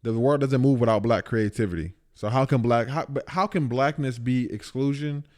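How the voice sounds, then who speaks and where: A man's voice: mid-range voice, moderate pace, a little mellow. Blunt, profane male streamer. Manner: blunt, profane, emphatic reactions. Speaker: streamer reacting to a video. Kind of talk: casual live-stream commentary.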